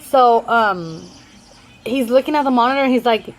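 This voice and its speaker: A woman's voice: on the high side, moderate pace, rough recording. Chatty young woman telling a story. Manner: chatty, rambling. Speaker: vlogger. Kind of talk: casual storytime.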